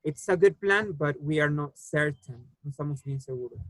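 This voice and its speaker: A man who speaks natively leads an English lesson with a patient, unhurried manner, pausing on fillers as he walks his students through the answers. His voice sits a little high for a man. The recording is close and dry, with no room echo. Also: a bit bright. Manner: patient, explains slowly with many fillers. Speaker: English teacher. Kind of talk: online class teaching.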